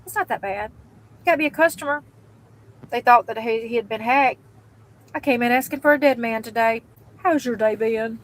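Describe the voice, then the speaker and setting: A woman who works in sales, telling a story casually and acting out each person's lines with quick voice changes and blunt swearing. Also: on the high side, rough recording. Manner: animated, acts out dialogue with quick voice changes.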